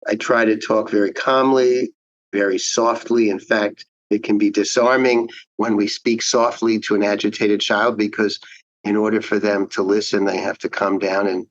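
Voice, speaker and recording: A man, a child psychiatrist, giving measured, explanatory answers in an interview. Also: lowish voice, flat delivery, no room sound, lo-fi sound.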